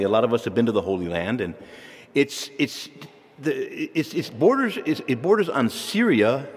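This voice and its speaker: A man's voice: medium pitch, husky. A man preaching a sermon in a church, in a conversational way, putting questions to his listeners. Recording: long reverb of a large hall.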